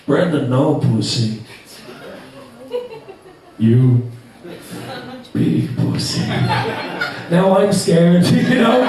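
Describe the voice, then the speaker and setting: Dublin lad doing standup, sweary, laughs a lot, highish voice, mic far off in a big echoey room. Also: male voice. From Ireland. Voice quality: laughs through lines, sweary and self-mocking. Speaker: stand-up comedian. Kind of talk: stand-up comedy set. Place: comedy club stage. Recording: echoey club, mic from afar. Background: audience laughter.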